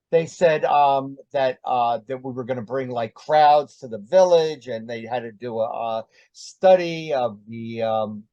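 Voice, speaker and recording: A man's voice: medium pitch, a little mellow, dry recording. Older man, interview guest, rambling casual storytelling, lots of ums and uhs, dry, slightly muffled audio.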